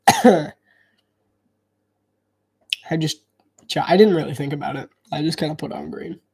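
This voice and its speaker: A man calls a football game live as a sports commentator, casual and chatty, thinking aloud and hedging with frequent restarts. His voice is on the high side but gravelly, husky, and darkish, and he takes it slowly.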